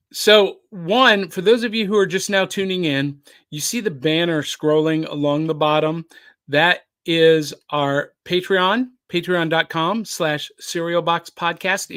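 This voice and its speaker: A man's voice: sits high, fairly bright tone, no echo. A man hosting a podcast on a live stream, chatting casually and reading viewer comments aloud. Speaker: podcast host.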